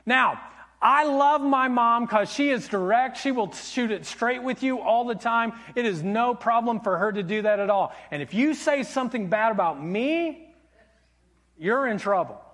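A middle-aged man, a pastor, telling a personal story in a sermon, conversational and animated with wry humor. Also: very high-pitched, a little slow.

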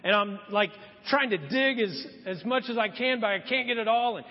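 A man's voice: high-pitched, normal speed. A man preaching a sermon, telling a story and acting out the voices of the people in it. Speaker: pastor. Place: church hall. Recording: muffled sound with long hall reverb.

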